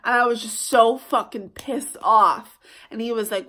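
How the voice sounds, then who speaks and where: A woman's voice: a little high, a bit bright. Heated, swearing young woman. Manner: heated, swearing, fast bursts. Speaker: vlogger. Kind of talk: storytime vlog.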